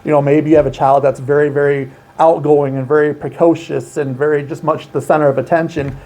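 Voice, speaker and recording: A man's voice: fairly high pitch, little pitch movement, a little fast, darkish tone. A man working as an outreach coordinator, explaining child safety steps in an earnest, emphatic way during an interview. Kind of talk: informational interview.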